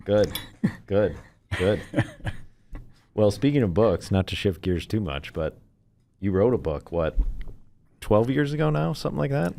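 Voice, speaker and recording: A man's voice: lowish voice, lively intonation, a little slow, creaky, dark tone, a little hiss or hum. A man hosting a podcast interview, giving brief, encouraging responses and asking questions. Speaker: podcast host. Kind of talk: casual interview.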